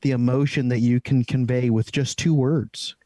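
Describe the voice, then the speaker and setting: A man's voice: mid-range voice, fairly even intonation, moderate pace, noisy background. A man chatting casually in a loose, profane way with lots of fillers. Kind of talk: casual chat.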